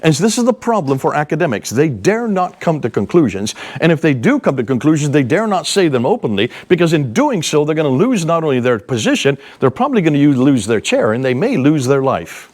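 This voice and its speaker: A man in his sixties giving a seminar talk, telling lively, emphatic anecdotes to a live audience. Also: fairly high pitch, brisk, few pauses. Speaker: seminar speaker. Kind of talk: animated storytelling lecture.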